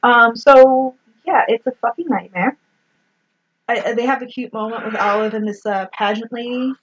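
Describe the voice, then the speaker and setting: A woman's voice: a little high, moderate pace, slight background noise. A woman recapping a movie in casual chat, swearing freely and quoting scenes. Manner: swears freely, retells scenes with acted quotes. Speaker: podcast co-host. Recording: dull lo-fi sound.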